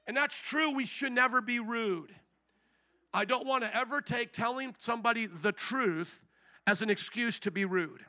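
High, bright-voiced animated male preacher. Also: moderate pace. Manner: animated, acts out quoted voices. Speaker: pastor. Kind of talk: sermon.

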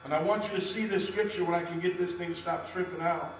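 Male pastor, high voice, storytelling sermon, booming hall sound, mic well off, low mains hum. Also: fairly even intonation, quick pace, distant mic. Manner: storytelling preacher, calls on the congregation to respond.

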